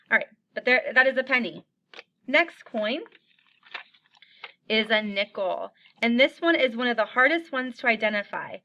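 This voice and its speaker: A woman with a fairly high, bright voice leads young children through a lesson. She is upbeat and encouraging and slows right down to chant little rhymes for them to repeat. The recording is muffled and lo-fi. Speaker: teacher.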